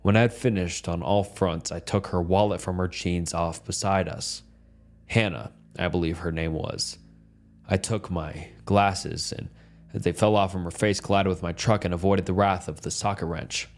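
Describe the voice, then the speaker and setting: A man reading a dark first-person horror story as a calm, steady scripted narration. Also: deep voice, moderate pace.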